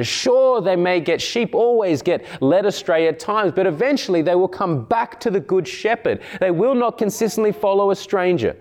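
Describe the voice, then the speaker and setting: Emphatic preacher, a man with a higher voice. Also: a little mellow. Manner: emphatic, repeats key phrases with rising and falling intensity. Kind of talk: sermon.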